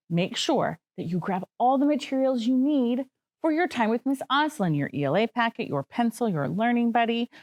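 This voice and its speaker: A woman teaching first graders, giving clear, encouraging step-by-step instructions. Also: fairly high pitch. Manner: clear, encouraging, lists steps for children. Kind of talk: classroom instruction.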